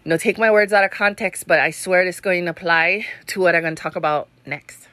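A woman's voice: fairly low pitch, steady tone, fairly quick, a bit bright. A woman, hosting a podcast and telling a story in a casual way. She talks freely, swears, laughs often and says "you know" a lot. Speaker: podcast host.

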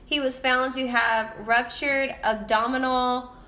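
Woman co-host, giggly, filler-heavy chatter; bright tone, echoey room. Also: high-pitched, level tone. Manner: giggly, says "like" a lot, quick reading. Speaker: podcast co-host. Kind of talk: casual true-crime podcast chat.

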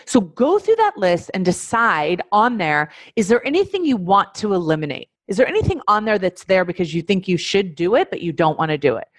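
A life coach with a medium-pitched voice leads an instructional webinar, speaking very animatedly and briskly with few pauses. She is emphatic, repeats key phrases, and addresses listeners directly, in a dry, studio-quality recording.

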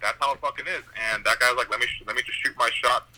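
Bright-voiced young man telling stories. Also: mid-range voice, quick pace, poor audio. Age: young adult. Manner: animated storytelling, swearing, laughing often. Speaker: comedian guest. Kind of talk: casual podcast chat.

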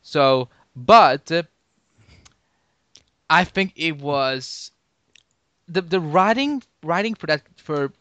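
Excitable man with a raised pitch. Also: slow, long pauses, no room sound. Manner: excitable, stumbling restarts, pitch jumps up when disagreeing. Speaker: podcast co-host. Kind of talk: casual chat.

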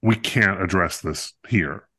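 A man's voice: deep voice, takes it slowly, pushed and bright, husky. A man co-hosting a podcast, reviewing a musical in casual chat, talkative and playful with many fillers.

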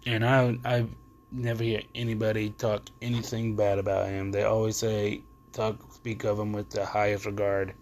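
Low-voiced young man, loose and profane. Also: flat delivery, normal speed, darkish tone, slight background noise. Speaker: podcast host. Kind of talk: casual solo monologue.

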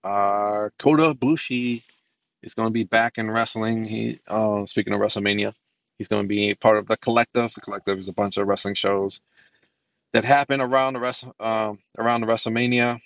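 A man with a low, gravelly voice hosts a solo podcast in a loose, rambling way. He restarts sentences, fills pauses with ums and swears offhandedly. The sound is muffled and lo-fi. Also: fairly even intonation, a bit bright, dry recording. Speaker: podcast host. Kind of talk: solo casual podcast commentary.

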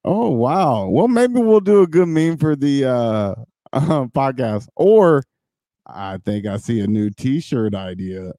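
Male podcast host, very slow, lively pitch, dry close sound, giggles a lot. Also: no room sound. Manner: laughs often, slow and drawn out. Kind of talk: casual podcast banter.

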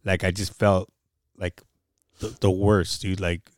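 A man's voice: deep voice, little pitch movement, takes it slowly, no echo, clean studio sound. A man co-hosting a casual chat, telling a confessional story with lots of swearing.

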